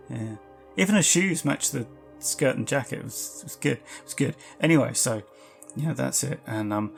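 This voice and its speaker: A man's voice: mid-range voice, creaky, lightly acted. A man voicing a chatty male hotel clerk in a tabletop game, rambling with lots of fillers.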